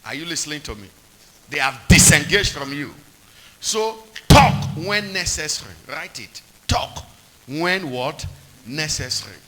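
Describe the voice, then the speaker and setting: A man's voice: on the high side, animated, unhurried, a bit bright, a little hiss or hum, low-quality recording. A man preaching a sermon, repeating points and quizzing the congregation with call-and-response questions.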